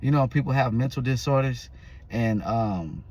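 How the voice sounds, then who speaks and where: A man's voice: medium pitch, normal speed, darkish tone. Man rambling through a casual story. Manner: loose, rambling, with restarts and fillers. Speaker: vlogger.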